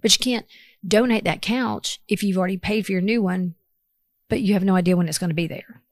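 A woman speaks plainly and directly, handing out practical advice as a radio podcast co-host. Her voice sits at a middle pitch, recorded close and dry in the studio. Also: fairly quick, dry recording. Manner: direct, advising. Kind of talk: casual chat and advice.

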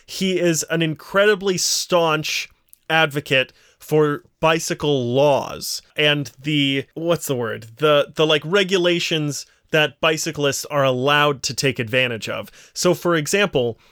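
A man co-hosting a podcast in casual chat, telling rambling stories with animated energy. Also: a little high, unhurried, smooth, dry recording, clean studio sound. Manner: rambling, animated storyteller with frequent laughter. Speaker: podcast co-host.

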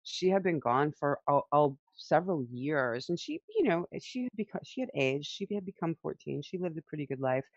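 A woman's voice: low-pitched, expressive, a little fast, hardly any pauses, dry recording, muffled recording. A woman in casual conversation, telling personal stories with feeling and frequent laughter. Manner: emotional, laughs often, tells stories.

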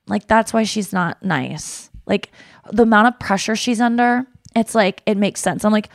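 A woman's voice: medium pitch, expressive, normal speed, no room sound, clean studio sound. A woman hosting a podcast, chatting candidly and rambling about herself with self-deprecating humor. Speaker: podcast host. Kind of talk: casual chat.

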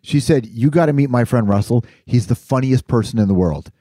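A man's voice: mid-range voice, expressive, fairly quick, mellow, dry recording, clean studio sound. A man in his fifties chatting casually, reminiscing about the old days. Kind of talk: casual chat.

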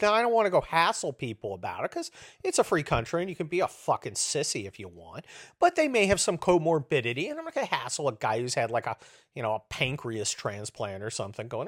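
A man in his fifties rants in a profane, sarcastic comic monologue, his pitch swooping from low mutters up to loud, mocking highs. He sounds fed up and combative. The recording is dry and close, with no room sound. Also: wildly swooping pitch, a little fast, no echo. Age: 50s. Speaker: host. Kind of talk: comedic political rant.

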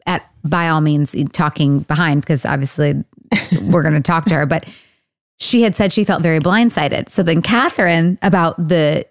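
A woman's voice: low voice, moderate pace, no echo. Chatty woman podcast host, dry close sound. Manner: chatty, laughing, rambling. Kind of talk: casual chat and ad read.

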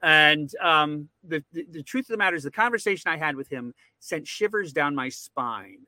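Male interview guest: bright edgy tone, rambling and excitable, dry close mic. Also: on the high side, no room sound. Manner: rambling, repeats words when excited. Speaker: podcast guest. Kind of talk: casual interview.

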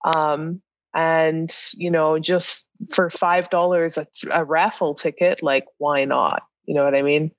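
A woman who is a guest on a podcast, explaining things in a relaxed way with some giggling. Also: sits low, a little slow, dry recording, dull audio. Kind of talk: casual podcast chat.

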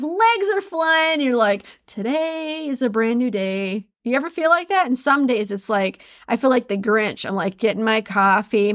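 Lively, laughing woman podcast host. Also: on the high side, no room sound, studio quality. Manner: animated, laughs at her own slips. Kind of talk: casual solo podcast reading and reflection.

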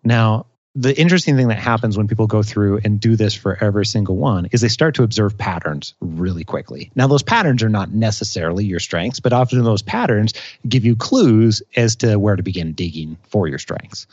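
A man's voice: on the low side, expressive, a little fast, darkish tone, no echo, highs cut off. A man talking as a career coach in a casual podcast conversation, explaining ideas energetically.

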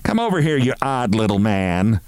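A man voicing a loud, bossy middle-aged woman who is brash and indignant in a read-aloud story. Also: big pitch swings, moderate pace, clean tone, dry recording. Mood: mocking. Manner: shrill and imperious.

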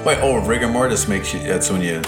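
A man's voice: on the low side, fairly quick, over loud music. A man co-hosting a podcast in casual chat, giggling and playing along with a joke. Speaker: podcast co-host.

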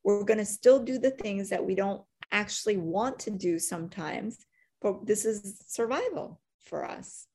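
A middle-aged woman, an agency CEO, telling stories in an interview, animated and full of fillers, acting out quoted lines. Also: medium pitch, measured pace. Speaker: agency CEO, podcast guest. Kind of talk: conversational interview storytelling.

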